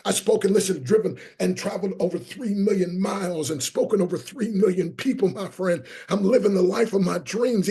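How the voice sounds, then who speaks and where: A man's voice: sits high, a little fast, warm tone, husky. A middle-aged man giving an emphatic motivational speech to a live online audience, repeating his key lines and calling out to the chat. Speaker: motivational speaker.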